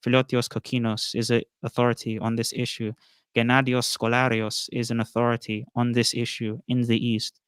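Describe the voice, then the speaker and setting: A man's voice: mid-range voice, level tone, fairly quick, fairly bright tone, clean tone, dry recording, clean studio sound. A man in an online debate who speaks assertively and lectures his opponent while pressing his questions.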